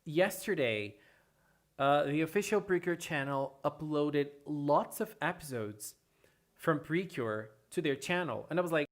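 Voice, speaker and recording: A streamer hosting a casual livestream, chatting with viewers and answering chat in an excitable way, often repeating phrases. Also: medium pitch, measured pace. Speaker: livestream host reading chat.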